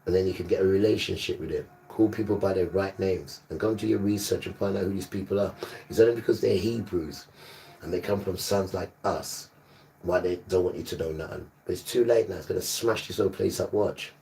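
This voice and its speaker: Gravelly, low-voiced emphatic preacher man. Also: fairly quick, warm tone, distant mic, slight background noise. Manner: emphatic, repetitive, scolding. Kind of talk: livestreamed sermon.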